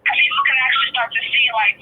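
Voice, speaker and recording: A woman calls in to a live show and speaks candidly, with plenty of fillers along the way. Her voice sits a bit high and moves a lot in pitch. It comes through a thin, phone-like line with a faint hiss behind it. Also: wildly swooping pitch, rapid-fire, slightly rough. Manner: candid, talkative, frequent fillers. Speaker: caller. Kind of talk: phone-in chat. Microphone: telephone.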